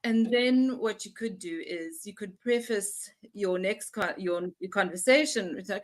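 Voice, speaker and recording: A woman's voice: medium pitch, moderate pace, hardly any pauses. A young woman, a workshop facilitator, explaining conversationally and acting out little dialogues. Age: young adult. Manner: animated, acts out little dialogues.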